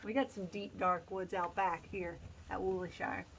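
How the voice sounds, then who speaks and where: A woman's voice: lowish voice, flat delivery, normal speed, vocal fry, slight background noise, poor audio. Brief: woman reading a storybook aloud on a farm, playful asides, laughs a lot, faint animals around. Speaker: farm host reading a picture book aloud. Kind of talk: casual read-aloud with chatty asides. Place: outdoors on a farm.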